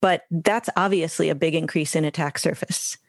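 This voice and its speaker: A woman, a guest expert on a podcast giving calm, composed explanations. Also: low voice, normal speed, no room sound, clean studio sound. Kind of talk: interview answers.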